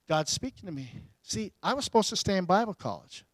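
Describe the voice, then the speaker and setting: A higher-voiced man, middle-aged or older, tells his life story from the pulpit. He swings from loud bursts to near whispers. The sound is dry and close. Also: moderate pace, no room sound. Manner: animated, swinging from loud to hushed. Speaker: pastor. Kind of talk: storytelling sermon.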